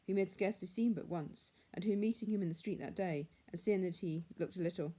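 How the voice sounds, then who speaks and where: A woman reading a classic story aloud in a measured, hushed manner. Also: fairly low pitch. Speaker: reader.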